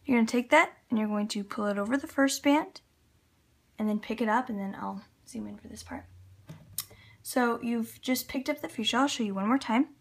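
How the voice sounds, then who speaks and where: A woman's voice: a little high, normal speed, gravelly, husky. A woman with a Canadian accent, chatting casually as she talks viewers through a loom craft step by step. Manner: chatty, talks while working with hands, little laughs. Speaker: loom tutorial host. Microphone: camera on tripod at table.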